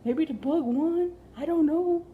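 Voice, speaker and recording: A woman's voice: high voice, measured pace, narrow, tinny audio, a little hiss or hum, voice pushed up. A frantic, stammering man, put on by a woman storyteller, wailing his worries in a raised, squeezed-up voice. He sounds like a dramatic worrier, always sure the worst has happened. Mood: panicked. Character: panicky frightened man, boyfriend, dramatic worrier.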